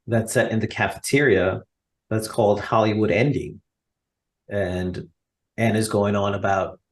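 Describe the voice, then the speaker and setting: American male podcast co-host, low-ish voice, chatty and enthusiastic. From United States. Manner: chatty and enthusiastic, many fillers. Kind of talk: casual chat.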